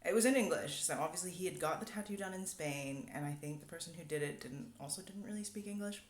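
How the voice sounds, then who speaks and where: A woman's voice: fairly low pitch, quick pace. A young woman vlogger telling a story casually, rambling with many fillers. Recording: echoey room.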